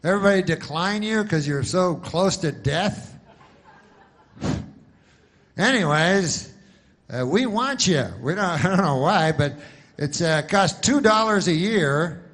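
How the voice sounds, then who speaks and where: A male comedian putting on a loud, overeager insurance pitchman for old people, a sales patter he keeps laughing through. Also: lively intonation, unhurried, long pauses. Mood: salesy.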